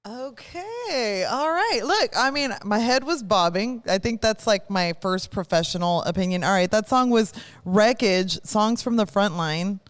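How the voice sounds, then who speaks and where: A woman's voice: mid-range voice, expressive, measured pace. Chatty woman radio host. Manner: chatty, rambling, self-correcting. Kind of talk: casual chat. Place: live broadcast studio.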